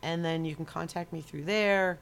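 A woman's voice: low-pitched, fairly even intonation, normal speed, clean tone. A woman from New York, a photographer guest in a casual chat, talking in a wry, sarcastic way and laughing often.

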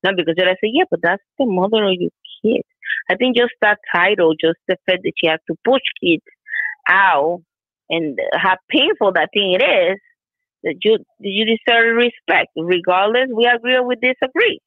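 A woman's voice: mid-range voice, lively intonation, normal speed, dry recording. A woman talking casually, hesitant and repeating herself, often breaking into laughter. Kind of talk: casual conversation. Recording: tinny phone line.

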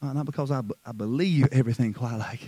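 A man preaching a sermon who moves between hushed, slow passages and loud, fervent stretches, often repeating words. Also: medium pitch, slightly rough, no echo, rough recording. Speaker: pastor.

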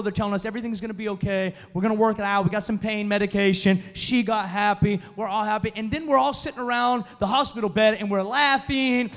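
A man preaching a sermon as pastor, telling a story and then building to loud, emphatic preaching. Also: sits high. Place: church sanctuary. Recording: long reverb of a large hall.

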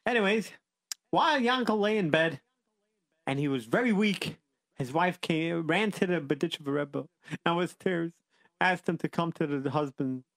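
Playful guy telling kids a story, keeps wandering off, voice a bit high, dry sound. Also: moderate pace, a bit bright, dry recording. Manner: rambling, self-interrupting, playful. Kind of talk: storytelling for children with banter.

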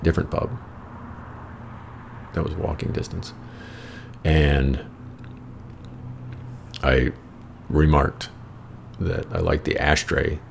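American male storyteller, very low and heavily gravelly voice, rambling and profane, wry casual delivery. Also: a little mellow, a little hiss or hum. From United States. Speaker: storyteller host.

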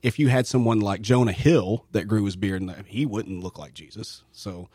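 A man's voice: lowish voice, normal speed, mellow, slightly rough, no room sound. Chatty middle-aged man co-hosting radio. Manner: rambling, restarts his sentences. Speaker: radio show co-host. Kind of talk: casual chat. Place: radio studio.

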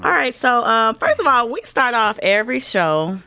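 A woman's voice: on the high side, moderate pace, dry recording. A young woman co-hosting a podcast in casual chat, playful and teasing as she tells stories. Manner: playful, teasing, animated storyteller. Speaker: podcast co-host.

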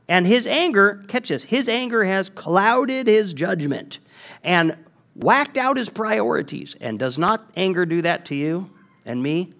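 A man preaching a sermon as pastor, emphatic and animated, with frequent restarts. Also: high voice, gravelly.

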